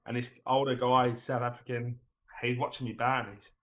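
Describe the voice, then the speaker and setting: Australian man, podcast guest, relaxed rambling storyteller. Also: mid-range voice, fairly quick, rough recording. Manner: laid-back, rambling storyteller who says "mate" a lot. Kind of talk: casual podcast chat.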